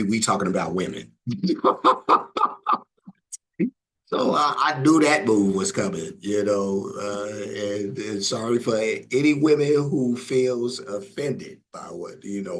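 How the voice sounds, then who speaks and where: A man hosting a reaction video, talking in a low, gravelly voice with a husky edge. He comments in a relaxed, rambling way, full of fillers. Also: a little slow, rough recording. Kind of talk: casual commentary.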